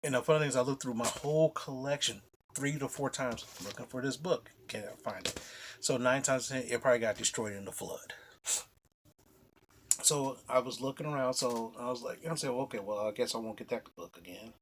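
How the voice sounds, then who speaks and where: A man's voice: medium pitch, brisk, slight background noise. A man casually telling a rambling, profane story on his comic book vlog.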